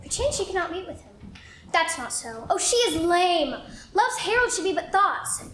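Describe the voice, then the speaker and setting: A woman's voice: extremely high pitch, very animated, normal speed, fairly bright tone, full character voice. A woman acting an impatient young girl in love in a live stage play. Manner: impatient, pleading. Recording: echoey hall, noisy audience recording.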